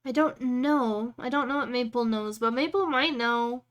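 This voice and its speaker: A woman's voice: on the high side, moderate pace, fairly bright tone. A woman chatting casually on a live stream, rambling and thinking aloud as she works.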